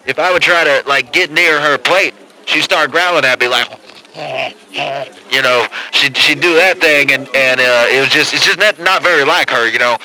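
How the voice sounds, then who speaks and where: A man's voice: a little high, normal speed, sharp tone, low-quality recording. A man playing a rambling, stammering caller in a comedic call-in sketch, leaning on "man" constantly.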